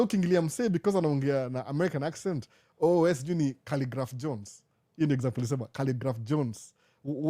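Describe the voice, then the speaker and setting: Kenyan guy hosting a live q&a, quick talker, mixes swahili and english, keeps repeating himself. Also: a little high, dark tone. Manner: code-switching between Swahili and English, repeating catchphrases. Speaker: live show host. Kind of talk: casual live Q&A chat.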